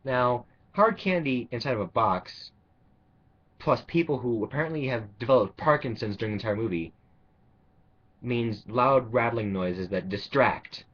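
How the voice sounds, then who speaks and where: Guy ranting and swearing about people, sarcastic, husky voice, lively pitch, dull lo-fi audio. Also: normal speed. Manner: angry, profane, sarcastic, rambling. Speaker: vlogger. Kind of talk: ranting monologue. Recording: dull lo-fi recording.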